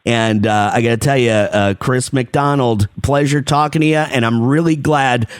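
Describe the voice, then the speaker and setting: A man's voice: mid-range voice, moderate pace, clean tone, no room sound, studio quality. A man hosting an interview podcast, asking friendly, enthusiastic questions. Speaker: podcast host. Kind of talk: casual interview.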